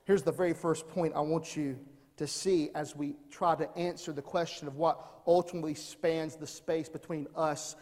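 A man's voice: a little high, fairly even intonation, moderate pace, darkish tone, in a large hall. A man preaching a sermon as pastor, building emphasis with rhetorical questions. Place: church.

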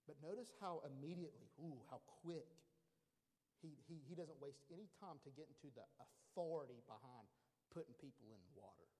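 Animated preacher in a reverberant hall. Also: male voice, brisk. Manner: emphatic, animated, drops to a hushed low voice for weight. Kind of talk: sermon.

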